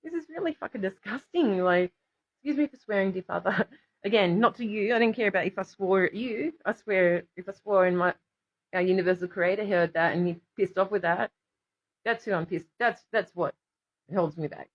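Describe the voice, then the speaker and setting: A woman's voice: medium pitch, normal speed, highs cut off. Rambling Australian woman, raw and sweary. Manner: rambling, emotional, swears freely, talks to commenters. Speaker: vlogger addressing viewers. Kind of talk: rambling livestream chat.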